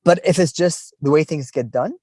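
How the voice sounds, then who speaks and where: A man's voice: a little high, normal speed, warm tone, dry recording. A middle-aged man from the Middle East, talking casually in an interview, rambling and musing with frequent restarts.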